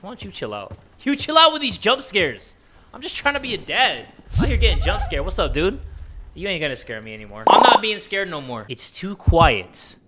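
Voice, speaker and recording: A man's voice: high voice, bright, forceful tone. A man doing jokey let's play commentary, talking to the game characters and yelping at jump scares. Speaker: gaming video creator.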